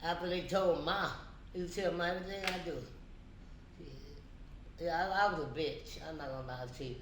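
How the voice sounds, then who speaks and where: A woman's voice: fairly low pitch, normal speed. A woman, a guest in casual chat, talking bluntly and brashly with no filter. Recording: echoey room with background noise.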